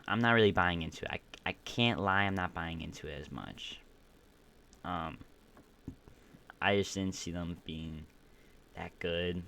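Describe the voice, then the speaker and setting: A man's voice: deep voice, sharp tone. A young man hosting his own podcast stream, rambling casually with opinionated takes, a bit groggy and burping. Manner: rambling, opinionated, many restarts. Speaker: podcast host ranking football teams. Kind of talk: casual solo stream commentary.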